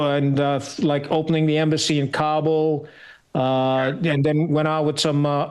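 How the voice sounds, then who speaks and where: A man in his sixties, a retired officer, telling his story as a podcast guest in a blunt, salty way, with frequent pauses and fillers. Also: on the high side, clean tone. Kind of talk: candid storytelling interview.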